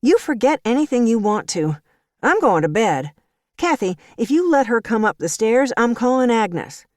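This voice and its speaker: A woman voicing a feisty, sharp-tongued grown woman who scolds in a sassy drawl. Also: a little high, very animated, moderate pace, no echo, studio quality, pitched above the performer's own voice. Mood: curt.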